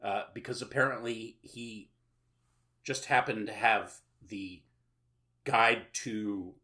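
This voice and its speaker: A man chats through a film plot as a podcast host, rambling and sarcastic, with plenty of filler sounds. His voice sits on the lower side, yet it has a bright, forceful edge. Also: slow. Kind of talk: casual plot recap with jokes.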